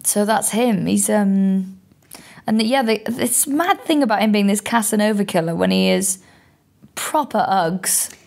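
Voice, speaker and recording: Gravelly woman telling stories. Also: medium pitch, a little slow, darkish tone. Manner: swearing, rambling storyteller. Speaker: comedian and podcast co-host. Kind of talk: casual chat.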